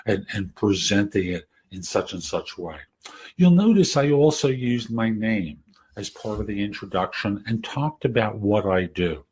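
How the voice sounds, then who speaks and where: A man in his later years, hosting a podcast, giving career advice in a soft, gentle, conversational way. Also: lowish voice, husky. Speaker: career coach and podcast host. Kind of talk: casual advice talk.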